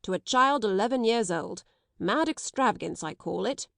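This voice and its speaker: A woman's voice: medium pitch, normal speed, creaky, dry recording, close to an everyday voice. A woman reading an audiobook, voicing a dry, brusque middle-aged male solicitor with a clipped, disapproving manner.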